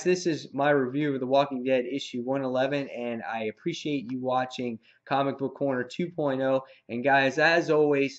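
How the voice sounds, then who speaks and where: A man's voice: medium pitch, a bit bright, dull audio. A man casually reviewing a comic book on video, rambling with lots of fillers and slang.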